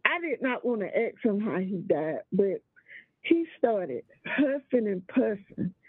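Husky-voiced woman caller on a tinny phone line. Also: mid-range voice, very animated, no room sound. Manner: slow, deliberate storytelling with drawn-out emphasis. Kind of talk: telling a personal ghost story. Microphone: phone call.

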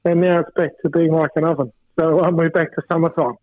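A man from New Zealand, a former fast bowler and coach, chatting casually with lots of fillers over the phone. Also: fairly high pitch. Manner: relaxed, rambling with many fillers. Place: home in Queensland, by phone. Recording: tinny phone line.

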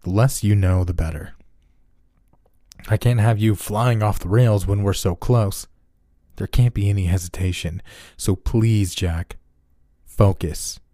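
A man's voice: fairly low pitch, measured pace, long pauses, dry recording, studio quality, natural voice. A man voicing a cold, secretive doctor. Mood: clinical. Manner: calm, clinical, manipulative. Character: cold, secretive male doctor running experiments.

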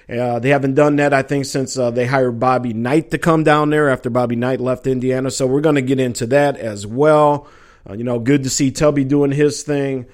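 A middle-aged man hosting a casual sports talk show, rambling and joking with listeners. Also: fairly high pitch. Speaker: sports podcast host.

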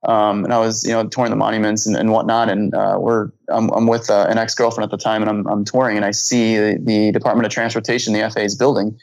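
A man, a flight instructor, telling a story in casual conversation, animated and acting out dialogue, with frequent restarts and repeated words. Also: fairly low pitch, quick pace, few pauses, no echo, rough recording.

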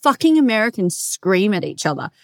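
Loud aussie woman ranting on her podcast, swears a ton, no inside voice, dry close mic. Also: mid-range voice, brisk, dry recording. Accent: Australian. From Australia. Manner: loud, swears freely, animated storytelling. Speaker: podcast host and coach. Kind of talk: casual solo podcast monologue.

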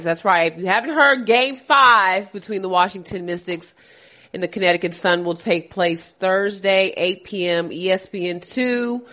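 A woman's voice: mid-range voice, animated, normal speed, pushed and bright. A woman hosting a casual sports podcast, her voice nasal and congested from a cold, chatty and teasing. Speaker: podcast host.

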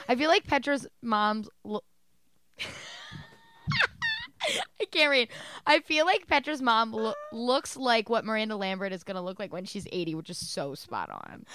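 A woman's voice: mid-range voice, a bit bright. A woman co-hosting a casual podcast, giggly and playful. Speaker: podcast co-host. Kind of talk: casual chat.

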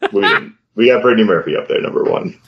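A man's voice: on the low side, fast, lo-fi sound. A man co-hosting a podcast in casual chat, laid-back and hesitant, laughing often. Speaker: podcast co-host.

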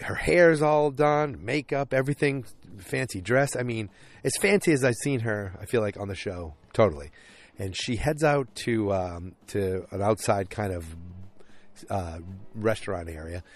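Recorded dry, a man with a lowish voice casually recaps a TV episode. He rambles with plenty of fillers and acts out the characters' lines.

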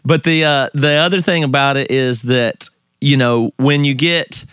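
A man with a Southern US drawl talks through a casual podcast chat, hesitant and easygoing, often laughing. His voice sits at an ordinary pitch and the recording is close and dry, with no room sound. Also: fairly even intonation, unhurried, fairly bright tone, clear, resonant tone, dry recording. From American South.

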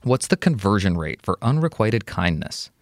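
Male co-host, low voice, measured letter reading, dry close mic. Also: very animated, no room sound. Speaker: advice podcast co-host. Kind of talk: reading a listener letter, then casual chat.

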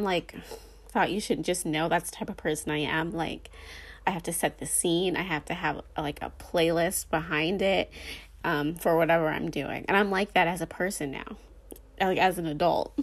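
A young adult woman casually telling a dramatic personal story, animated and full of fillers. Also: fairly low pitch, normal speed, breathy edge.

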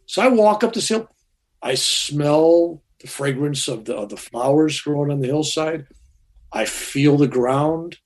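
A man's voice: on the high side, normal speed, a little mellow. Rambling older man telling a story. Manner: rambling, conversational, many fillers and restarts. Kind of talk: personal storytelling.

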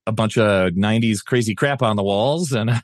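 Male podcast co-host, lowish voice, wry and easygoing, dry sound. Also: moderate pace, no echo. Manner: easygoing, hesitant restarts, wry. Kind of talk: casual chat.

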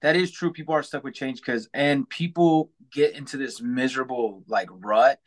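A man's voice: medium pitch, moderate pace. A man chatting casually as a podcast guest, upbeat and rambling, full of "like" fillers. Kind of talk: casual chat.

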